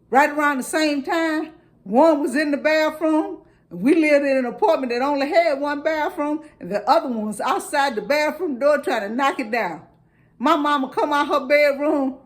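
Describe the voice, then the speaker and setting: A middle-aged St. woman with a high, bright voice tells family stories in a loose, chatty way. She acts out the quotes in animated turns. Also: a little slow. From St. Louis, USA. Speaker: storyteller. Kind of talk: casual storytelling.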